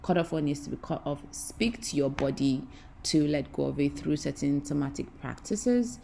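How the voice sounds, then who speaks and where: A woman with a low, gravelly voice delivers a spiritual talk straight to her listeners. She builds her points through repeated, preacherly phrases. Faint noise sits under the recording. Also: moderate pace, warm tone. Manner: impassioned, repetitive, preacherly. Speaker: spiritual teacher.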